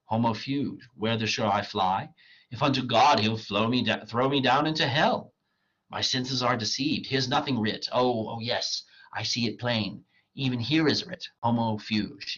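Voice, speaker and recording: A man's voice: medium pitch, measured pace, a bit bright, slightly rough, dull audio. A man reading aloud the part of a proud scholar who sells his soul, emphatic and rising on questions, his voice strained and cracking. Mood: declaiming. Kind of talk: dramatic reading of a play.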